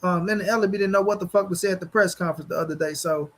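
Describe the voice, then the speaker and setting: High-voiced man ranting to viewers. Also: fairly even intonation, rapid-fire, a bit bright. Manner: blunt, profane, talks straight to viewers; repeats his points for emphasis. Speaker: boxing channel host. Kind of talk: livestream commentary rant.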